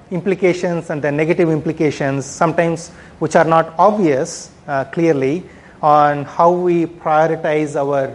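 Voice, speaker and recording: A man giving a conference talk on product management, speaking conversationally and often ending points with "right?". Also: on the high side. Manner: conversational, frequent "right?" tags and fillers.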